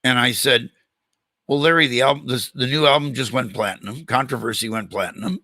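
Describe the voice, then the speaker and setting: Older guy hosting a chat, bright forceful voice, dry close mic, acts out the quotes. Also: mid-range voice, fairly quick, no room sound. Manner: animated storyteller, acts out quoted dialogue. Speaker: podcast host. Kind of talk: storytelling in a casual interview.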